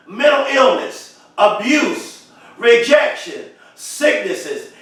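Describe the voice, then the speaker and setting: A man giving an impassioned motivational speech, repeating phrases and swelling into shouts. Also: very high voice. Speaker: motivational speaker. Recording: very echoey, voice far from mic.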